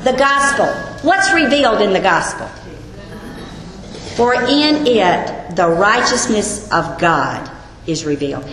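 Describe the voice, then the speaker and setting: A woman's voice: mid-range voice, big pitch swings, slow pace, a bit bright. A woman teaching a Bible lesson to a group, earnest and putting questions to her listeners. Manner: earnest, asks the audience questions. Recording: echoey hall with long reverb, faint ambience.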